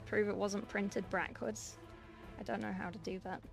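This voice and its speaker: A woman's voice: medium pitch, little pitch movement, normal speed, gravelly, soft background music. A young woman chatting casually on a livestream while painting miniatures, reading and answering her chat from a small room at home. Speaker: streamer.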